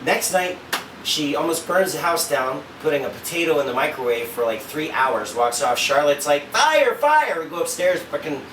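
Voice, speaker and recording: A man telling a story about his wife, cursing freely and acting out what each person said in a lively, animated way. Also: fairly high pitch, moderate pace. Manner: animated, profane, acts out quoted dialogue. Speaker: father and husband. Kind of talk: casual storytelling. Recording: roomy echo, distant mic, faint noise.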